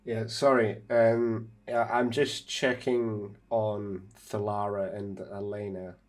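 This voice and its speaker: A man playing his character in a tabletop game, hesitant and unhurried, with fillers. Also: lowish voice, flat delivery. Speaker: player.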